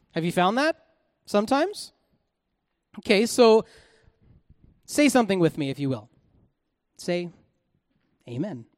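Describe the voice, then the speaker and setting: A woman delivers a sermon in a mid-range voice and reads scripture aloud. She moves between quiet explanation and loud, energetic outbursts. The sound is dry, with no room echo. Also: medium pitch. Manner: animated, swings from soft to shouted. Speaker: Bible teacher.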